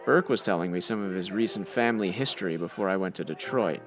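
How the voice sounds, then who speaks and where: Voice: sits low, fast talker, fairly bright tone, faint music behind. An actor playing a wry newspaper reporter in an old-time radio-drama style, talking in clipped period slang. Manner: wry, clipped 1940s patter.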